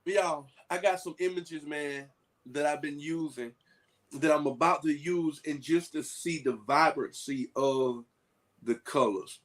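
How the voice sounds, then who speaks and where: A man talking casually to a group, telling lively stories with folksy asides. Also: on the high side, measured pace. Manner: animated storytelling with folksy asides.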